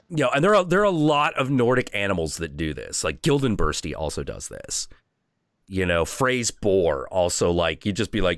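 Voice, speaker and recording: Lively, low-voiced man telling stories. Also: brisk, no room sound, clean studio sound. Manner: animated, profane, with frequent restarts. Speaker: host. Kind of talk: casual storytelling chat on a stream.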